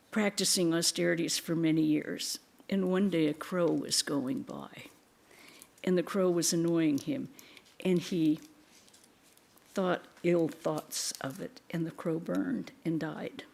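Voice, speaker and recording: A woman giving a spiritual talk in a temple, telling stories gently, with soft laughs and quiet asides. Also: on the low side, slow, creaky, long pauses. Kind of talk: sermon.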